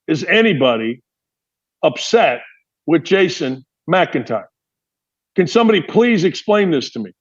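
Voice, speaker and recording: A man's voice: sits high, breathy edge, muffled recording. A man from Indiana hosting a sports talk show, delivering an emphatic opinion monologue full of rhetorical questions.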